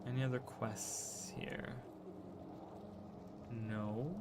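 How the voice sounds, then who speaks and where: Heavy background noise surrounds this man's mid-range, flat voice as he speaks extremely slowly. He's streaming a game and chatting casually with viewers, rambling and restarting sentences after stumbling.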